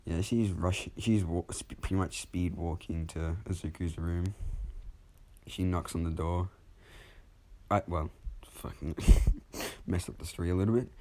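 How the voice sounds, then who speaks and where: A man's voice: low-pitched, fairly even intonation, unhurried, pauses often, warm tone. A man telling a fan story off the cuff, rambling casually and correcting himself as he goes.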